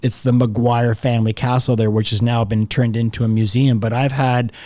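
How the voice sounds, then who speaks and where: A man's voice: mid-range voice, little pitch movement, moderate pace, a little mellow, no echo. 50s guy spilling a wild family story on a podcast, chatty, dead dry mic. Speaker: podcast guest. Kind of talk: casual storytelling interview.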